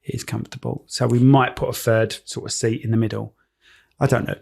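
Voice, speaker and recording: Gravelly-voiced man, jokey podcast host. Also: mid-range voice, little pitch movement, darkish tone. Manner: joking and teasing, quick restarts. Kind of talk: casual chat. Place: podcast studio.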